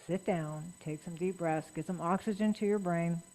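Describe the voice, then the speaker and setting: A middle-aged woman speaking as guest at a writers' meeting, chatty and personal with lively emphasis. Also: on the low side, normal speed, poor audio. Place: meeting room.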